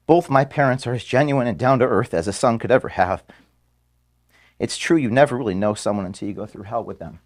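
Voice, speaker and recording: A man, the founder of an organization, giving an earnest farewell speech to his staff in an office. He is emotional and halting, with restarts and pauses, and is being filmed. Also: medium pitch. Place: office room at headquarters. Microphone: filmed by camera.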